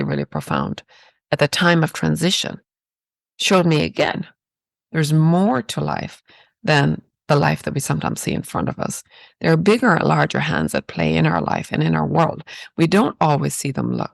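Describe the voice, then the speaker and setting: Irish woman guest, heavy vocal fry, lively pitch, reflective storyteller, dry close sound. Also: no echo. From Ireland. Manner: reflective and spiritual, with rhetorical "right?". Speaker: podcast guest. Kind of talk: personal storytelling.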